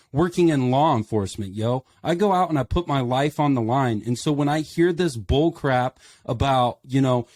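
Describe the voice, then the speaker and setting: A man's voice: a little high, a little mellow, dry recording. Fired-up man, dry close sound. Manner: impassioned, emphatic rhetorical questions. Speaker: podcast panelist. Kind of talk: casual podcast discussion.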